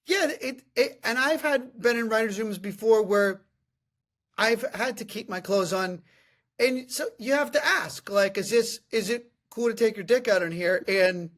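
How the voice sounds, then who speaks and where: A man in his thirties hosting a podcast, telling comic stories in a casual, animated way and often laughing. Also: high-pitched, unhurried. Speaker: podcast host. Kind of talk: casual comedic storytelling.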